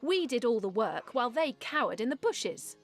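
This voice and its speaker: A blunt adventurer companion in a video game who speaks wryly. Her voice is high and lively, with faint music behind it. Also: moderate pace.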